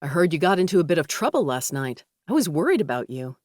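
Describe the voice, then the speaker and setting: A woman voicing a kind, easygoing young man who speaks gently and reassuringly. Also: low-pitched, big pitch swings, quick pace, dry recording, clean studio sound. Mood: gentle.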